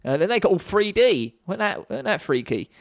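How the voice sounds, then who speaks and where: A man chats as a podcast host, his voice a little high with a gravelly edge. He rambles, restarts and repeats words, and his pitch swings a lot as he talks. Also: big pitch swings, brisk. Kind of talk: casual podcast chat.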